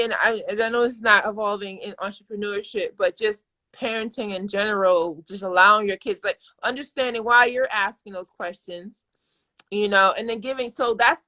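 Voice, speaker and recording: A woman's voice: mid-range voice, pushed and bright. A woman in her thirties hosting a live video chat, talking candidly and effusively, often restarting her sentences. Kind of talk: casual live-stream conversation. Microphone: phone or webcam on a live video call.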